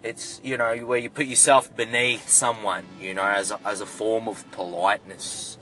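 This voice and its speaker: A man's voice: on the low side, little pitch movement, normal speed, sharp tone, voice pushed down. A man playing a rambling Australian guy. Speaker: comedy character. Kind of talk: comedic character monologue.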